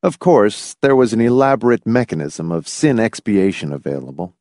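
A man narrating a novel in an expressive, dramatic storytelling manner. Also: on the low side, fairly quick, no echo, studio quality. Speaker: audiobook narrator. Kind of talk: scripted narration.

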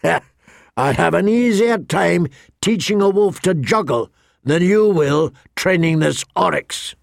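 A man's voice: on the high side, moderate pace, gravelly, breathy edge, no room sound, clean studio sound, heavily acted. A man reading an audiobook, voicing a harsh, scornful knight who sneers coldly. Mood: sneering. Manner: cold, sneering. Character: harsh, scornful male knight and drill master.

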